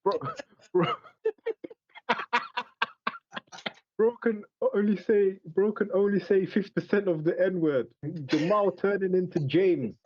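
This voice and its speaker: A man's voice: sits high, slow, pauses often, no room sound, dull audio. A man co-hosting a comedy podcast, reading comments aloud in casual chat, slangy and laughing hard as he repeats himself. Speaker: podcast co-host.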